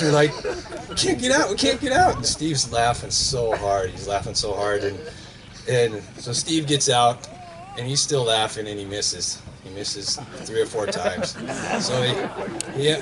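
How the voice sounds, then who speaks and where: A man telling a story to a gathering in a plain, matter-of-fact way. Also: on the low side. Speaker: guest storyteller. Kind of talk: casual storytelling. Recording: noisy outdoor recording.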